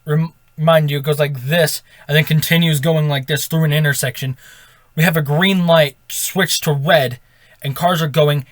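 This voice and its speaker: Casual male storyteller, fairly high voice, rambling with self-corrections, dry sound. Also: fairly bright tone, no echo. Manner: rambling, with self-corrections and "right?" tag questions. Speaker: storytime vlogger.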